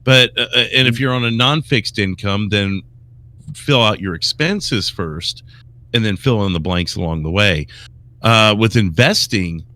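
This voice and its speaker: A man's voice: fairly low pitch, measured pace, pushed and bright. A man co-hosting a podcast, blunt and profane, explaining money tips in a casual way. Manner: blunt, profane, gives practical advice. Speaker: podcast co-host.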